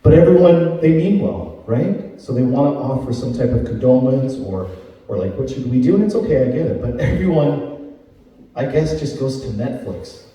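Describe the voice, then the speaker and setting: Man, stand-up comedian, mellow voice, conversational, echoey club hall, somewhat off-mic. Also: medium pitch, expressive, normal speed, far from the mic, slight background noise. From Canada. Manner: conversational, tags lines with "right?".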